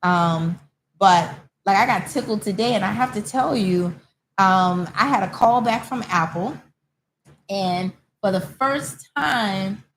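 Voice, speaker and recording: A woman hosting a casual chat in a hair salon, telling stories with lively quoted dialogue. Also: medium pitch, takes it slowly, a little hiss or hum, poor audio. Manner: animated storyteller, acts out quoted callers. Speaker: host.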